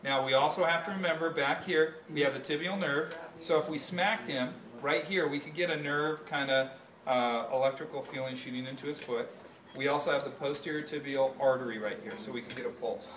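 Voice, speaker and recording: A man's voice: on the high side, a little fast, a bit bright. A male instructor demonstrating anatomy hands-on to a class, explaining step by step and correcting himself mid-sentence. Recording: echoey classroom from far off, faint noise.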